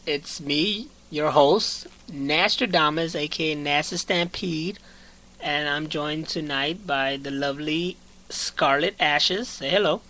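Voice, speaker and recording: A man's voice: on the high side, slow pace, pushed and bright, poor audio. Playful hyped man hosting a podcast. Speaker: podcast host. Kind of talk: casual podcast chat.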